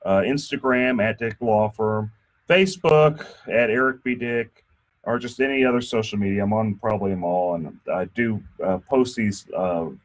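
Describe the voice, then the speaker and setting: A man hosting a casual radio talk show from a studio, chatty and joking, often restarting his sentences. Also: fairly low pitch. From Texas. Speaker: radio show host and insurance attorney.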